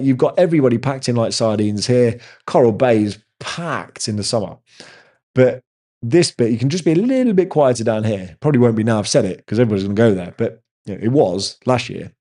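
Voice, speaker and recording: A man's voice: medium pitch, mellow. A man, hosting a casual live chat with viewers and telling rambling stories. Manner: rambling, chatty storyteller. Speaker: host answering viewer chat.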